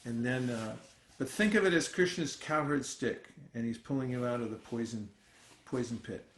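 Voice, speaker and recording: A man's voice: mid-range voice, normal speed. A man teaching scripture in an echoey room. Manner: relaxed and conversational, with frequent fillers and restarts. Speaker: spiritual teacher leading a scripture class. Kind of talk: informal scripture class with storytelling. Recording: roomy echoey sound.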